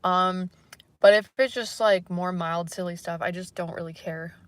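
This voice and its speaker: Female streamer, casual chat to viewers, soft and apologetic, hesitant with lots of fillers. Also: fairly low pitch, fairly even intonation, moderate pace. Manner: hesitant, rambling, many fillers. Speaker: livestreamer.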